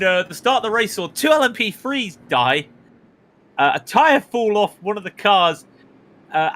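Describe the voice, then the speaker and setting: A man from Britain calling a sim race live, chatty and excitable, his voice rising on the big moments. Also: high voice. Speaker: sim racing commentator. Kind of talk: live esports race commentary.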